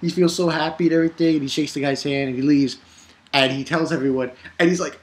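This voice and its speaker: A man casually recapping an anime episode, excitable and animated, with the odd curse word. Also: on the high side, fast. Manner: excitable, animated retelling with swearing. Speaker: anime reviewer.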